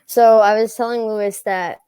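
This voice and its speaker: A young woman, a guest singer telling a lively story and acting out the other people's voices. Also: mid-range voice, normal speed, clear, resonant tone, dry recording. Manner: animated, acts out voices in her story. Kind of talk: casual storytelling.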